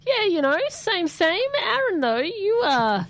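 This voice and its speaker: A woman's voice: very high-pitched, very animated, a little slow, a bit bright. An Australian woman co-hosting a podcast, chatty and teasing in casual banter. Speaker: podcast co-host.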